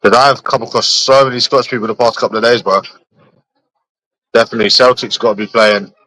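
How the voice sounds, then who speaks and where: A man's voice: mid-range voice, steady tone, fast, pushed and bright, no echo, rough recording. A young man, chatting casually with friends in repetitive, laughing, slangy banter. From London. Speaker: streamer.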